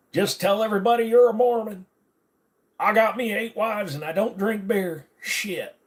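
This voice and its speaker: A man hosting a casual livestream from home, reading viewer comments in a crude, joking, laid-back way. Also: fairly low pitch. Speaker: livestream host. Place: at home, on bed rest.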